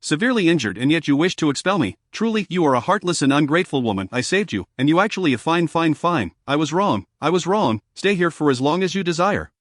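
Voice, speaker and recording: A proud demon lord speaks with cold, sarcastic disdain in this storybook tale. His scorn is constant and deliberate. A man voices him with a slightly raised pitch, recorded dry and close. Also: big pitch swings, dry recording.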